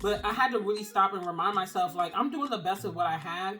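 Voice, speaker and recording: A woman's voice: medium pitch, fast talker, bright, forceful tone, faint music behind. A young woman, speaking earnestly and emotionally to camera as a single-mom vlogger, using casual phrasing. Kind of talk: heartfelt encouraging talk to camera.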